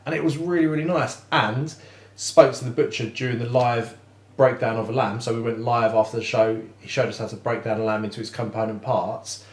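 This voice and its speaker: A man's voice: mid-range voice, steady tone, a little fast. Man chatting in an echoey room. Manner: laughs often, playful banter. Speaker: podcast co-host, barbecue cook. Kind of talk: casual chat.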